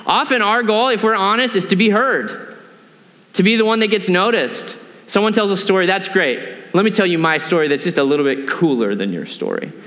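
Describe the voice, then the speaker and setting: Guy pastor preaching, pretty high voice, keeps asking the crowd questions, big hall echo. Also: fairly quick, a bit bright. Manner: earnest, asks the congregation questions. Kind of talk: sermon. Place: church sanctuary.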